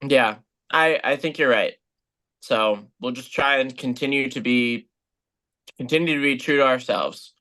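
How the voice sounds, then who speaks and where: A man answers quick questions as a guest on a video call, relaxed and easily amused, often pausing with ums. His mid-pitched voice sounds bright and smooth. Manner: relaxed, hesitant with many ums, laughs easily. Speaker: guest musician. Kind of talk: casual video call interview.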